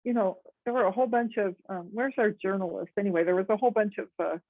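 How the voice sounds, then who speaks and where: An American woman giving a gentle, thoughtful talk on conflict resolution to a meditation group, with many pauses and ums. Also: medium pitch, no room sound, phone-quality sound. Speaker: guest speaker on conflict resolution.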